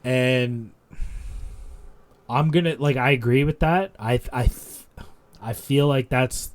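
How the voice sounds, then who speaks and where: A man co-hosting a casual wrestling podcast, rambling and animated as he retells a segment, full of restarts. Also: mid-range voice, slow. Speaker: podcast co-host.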